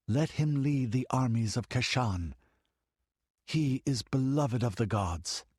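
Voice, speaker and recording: A man's voice: medium pitch, animated, takes it slowly, darkish tone, slightly rough, no echo, studio quality, pitched above the performer's own voice. A man voicing a young woman who poses as a goddess, speaking in a cold, detached, impersonal way. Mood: imperious.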